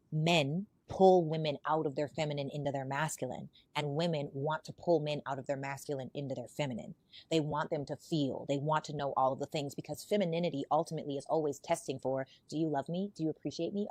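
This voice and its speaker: Woman w a lowish voice laying out her take on a podcast panel, calm and explainy, dry close sound. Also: no echo. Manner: measured, explanatory, acts out both partners in examples.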